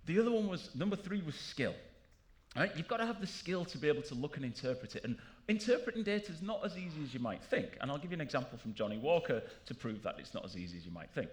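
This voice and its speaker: A man giving a jokey, animated conference talk to a live audience in a large room. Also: on the high side, fast talker. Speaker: conference speaker.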